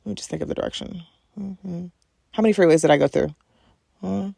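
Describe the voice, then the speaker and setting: A woman's voice: fairly low pitch, brisk, vocal fry, mellow, slightly rough, dry recording, clean studio sound. A young woman hosting a podcast, chatting through a personal story, addressing her listeners directly and turning a little emotional. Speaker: podcast host.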